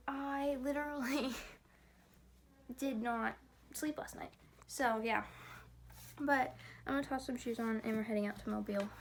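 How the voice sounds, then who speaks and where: A woman's voice: on the high side, fairly bright tone. A young woman vlogging casually about books she is reading, chatty and giggly, rambling between thoughts. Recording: noisy phone recording.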